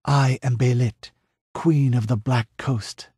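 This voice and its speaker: A man's voice: medium pitch, steady tone, slow pace, dark tone, breathy edge, no room sound, clean studio sound. A man voicing a proud, fierce young pirate queen who speaks in a commanding, passionate way.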